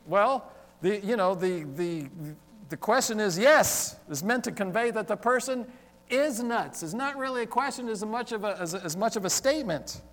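A male pastor preaching a sermon, talking with the congregation and acting out exclaimed questions in an animated way. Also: sits high, normal speed, long reverb tail. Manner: animated, interacts with congregation, acts out quoted exclamations. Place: church sanctuary.

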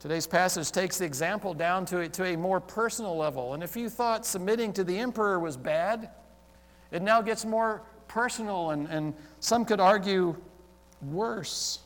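A male pastor preaching a sermon, talking with the congregation and acting out exclaimed questions in an animated way. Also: sits high, normal speed, in a large hall. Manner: animated, interacts with congregation, acts out quoted exclamations. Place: church sanctuary.

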